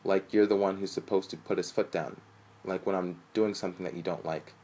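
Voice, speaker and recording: A man's voice: deep voice, steady tone, brisk, darkish tone. A man reading aloud, voicing a sweet, teasing young woman with a Persian accent in a spoken story. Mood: explaining. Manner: matter-of-fact, teasing. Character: sweet young woman girlfriend, coy, traditional.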